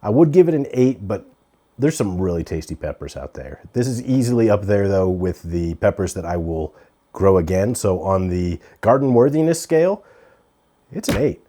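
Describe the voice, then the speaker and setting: A man chatting casually as he reviews a pepper from his garden, relaxed and talkative with fillers. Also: low-pitched, normal speed. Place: outdoors in a garden on a hot day.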